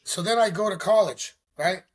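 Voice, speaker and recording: A man recounts a story as a podcast guest, animated and full of slang. His voice sits a bit high for a man and has a husky edge. He acts out what others said as he goes. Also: normal speed. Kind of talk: casual storytelling.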